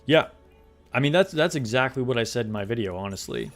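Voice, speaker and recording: A relaxed young man chats with his stream audience as he plays, laughing easily and talking through the game. His voice sits mid-range into a desk mic, with soft game music underneath. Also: medium pitch, fairly quick. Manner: relaxed, chatty, laughs often, talks to chat. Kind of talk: casual live-stream chat. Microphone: desk microphone.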